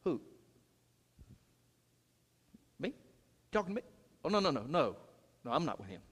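A frightened, evasive male apostle, played by a preacher mid-sermon, who brushes off the question and then digs in insistently. The voice sits fairly high for a man. It rings out in a reverberant church sanctuary. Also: very animated, quick pace, slightly rough. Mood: nervous evasive. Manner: nervous, evasive denial turning insistent. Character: flustered frightened male apostle denying his friend.

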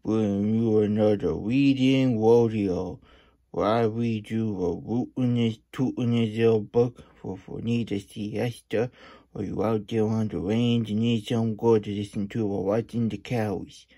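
A man reads a storybook aloud in a playful cowboy persona, breaking off for rambling asides. His voice is mellow and warm, never sharp. He takes it slow and unhurried. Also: on the low side, steady tone. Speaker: children's book reader. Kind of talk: casual storybook reading.

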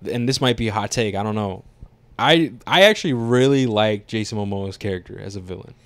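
A man co-hosting a podcast, chatting casually about a movie, animated and teasing, swearing freely. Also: fairly low pitch, brisk, no room sound. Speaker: podcast co-host. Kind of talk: casual movie review chat.

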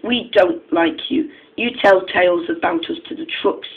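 A man's voice: sits high, moderate pace, vocal fry, narrow, tinny audio. A man voicing three indignant steam engines speaking together in a storybook reading. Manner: hissing, accusing.

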